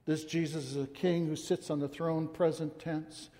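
A man's voice: fairly high pitch, level tone, moderate pace, dark tone. A man preaching a sermon in an impassioned, emotional way, repeating words for emphasis, recorded in a church sanctuary. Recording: long reverb from a large hall.

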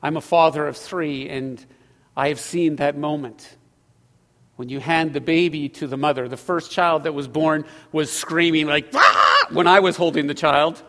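A middle-aged male pastor preaching a sermon, swinging from loud emphatic lines to hushed ones. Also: on the high side, steady tone, moderate pace. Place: church sanctuary. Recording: long hall reverb.

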